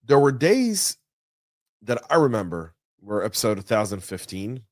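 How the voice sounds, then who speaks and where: A man hosting a news podcast, talking through the stories in a chatty, energetic way with folksy asides. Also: lowish voice, normal speed, no room sound, studio quality. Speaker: podcast host. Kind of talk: casual news commentary. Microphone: studio mic.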